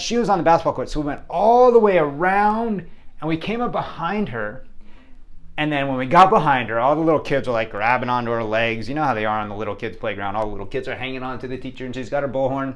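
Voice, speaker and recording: A man from San Diego telling a personal childhood story with a moral, in a lively way, sometimes hushed and sometimes excited. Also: medium pitch, a little fast. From San Diego, United States. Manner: lively, hums sound effects, shifts from hushed to excited.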